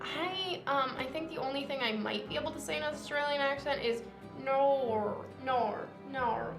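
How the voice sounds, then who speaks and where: A young woman with a slightly high voice chats and giggles her way through a game stream, teasing her co-host. Her voice sounds roomy, with game music playing underneath. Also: brisk. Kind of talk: casual chat while gaming.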